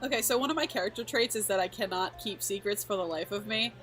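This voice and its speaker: A woman's voice: medium pitch, quick pace, a bit bright, faint music behind. A woman playing a tabletop game, flustered and rambling as she explains her character.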